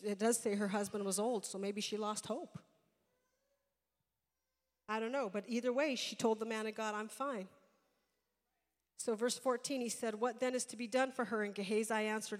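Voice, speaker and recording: A woman preaching a sermon, telling a Bible story and building to loud, impassioned preaching. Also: fairly high pitch, steady tone, moderate pace, long pauses. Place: church sanctuary. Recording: church sanctuary with long reverb.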